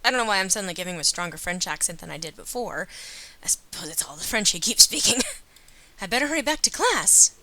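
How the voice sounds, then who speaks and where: A woman reading a dating-sim game aloud as a let's player, adding wry, deadpan asides. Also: lowish voice, fast, dry recording. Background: game music.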